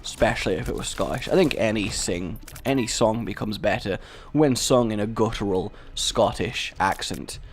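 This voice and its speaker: A young man casually chatting through a video game he is playing, with chatty, self-deprecating talk and sudden excited outbursts. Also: lowish voice, moderate pace. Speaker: gaming video host. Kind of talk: casual let's-play commentary.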